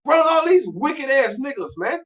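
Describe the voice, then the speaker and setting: A man from Louisiana with a Louisiana accent, preaching loudly and profanely in a street teaching discussion, often shouting. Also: very high-pitched, big pitch swings, normal speed. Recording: distant dull recording.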